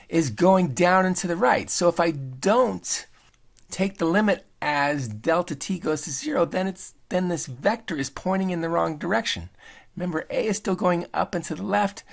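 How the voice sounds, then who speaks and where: A man teaching engineering in a screen-recorded lecture, thinking aloud in a relaxed way as he demonstrates. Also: on the high side, creaky. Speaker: engineering instructor.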